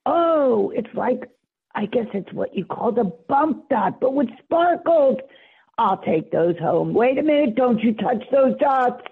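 A woman in an improv comedy game, gushing with excitement. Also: fairly high pitch, unhurried, slightly rough. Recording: tinny phone-like sound.

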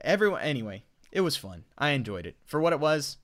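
His fairly high, somewhat bright voice swings widely in pitch and moves fast. The speaker is a Southern US podcast co-host who rambles casually about films, frequently starting over mid-thought.

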